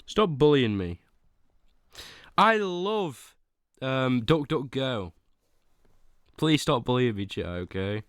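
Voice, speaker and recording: A man's voice: medium pitch, very animated, slow, pauses often, fairly bright tone, smooth, no room sound, studio quality. Dramatic young man streaming. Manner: dramatic, whiny pleading with sudden outbursts. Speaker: streamer ranking teas for chat. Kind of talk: casual livestream chat.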